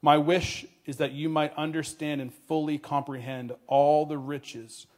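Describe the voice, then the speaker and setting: A man voicing a solemn, gentle male college professor who talks softly and gravely, slowing down on key words. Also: fairly high pitch, flat delivery, lightly acted. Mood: earnest.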